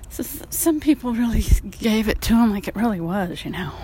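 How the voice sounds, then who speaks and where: A woman painter walks outdoors, vlogging in a casual monologue, speaking frankly with sighs, offhand swearing, and a slight breathlessness. Her voice sits on the high side, mellow yet husky, and she talks animatedly at a fairly quick clip.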